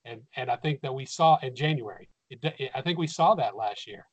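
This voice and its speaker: A man co-hosting a sports podcast, talking through his picks in a measured, analytical way with some hesitations. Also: medium pitch, expressive, no room sound, poor audio. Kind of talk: casual sports chat.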